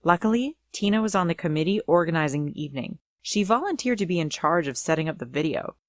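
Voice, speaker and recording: Low-voiced woman telling a storytime tale. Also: animated, quick pace, no echo. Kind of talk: first-person storytime narration.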